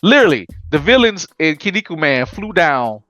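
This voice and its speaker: A man hosting a casual anime podcast, telling it in an animated, slangy way with frequent laughs. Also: a little high, normal speed, lo-fi sound, soft background music. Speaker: podcast host.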